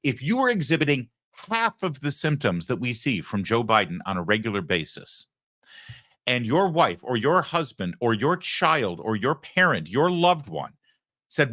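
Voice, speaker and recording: A man's voice: fairly high pitch, big pitch swings, moderate pace, pushed and bright, no room sound, clean studio sound. A man hosting a political commentary show, delivering a sarcastic opinion monologue and acting out quoted voices.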